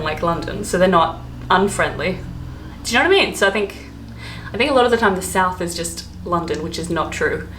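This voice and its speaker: An Australian woman with a mid-range, slightly bright voice vlogs casually, rambling with plenty of fillers and asides. The recording has an echoey room and a faint hiss or hum.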